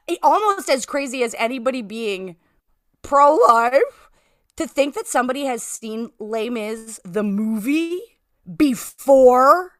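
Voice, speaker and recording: A woman hosting a podcast in casual chat, excitable and gushing in fast bursts. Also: high voice, dry recording, clean studio sound. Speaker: podcast host.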